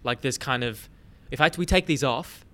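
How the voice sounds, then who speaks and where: An easygoing man hosting a podcast, thinking aloud with small hesitations. His voice is mid-pitched and bright, close on a studio mic. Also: normal speed. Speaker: podcast host. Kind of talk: casual podcast chat. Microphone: studio mic with headphones into a mixer.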